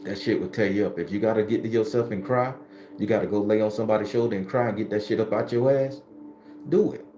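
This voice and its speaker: A man's voice: fairly low pitch, fast talker, warm tone. A man, giving a blunt, profane personal testimony to his viewers. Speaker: spiritual video host. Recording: roomy echo with music behind.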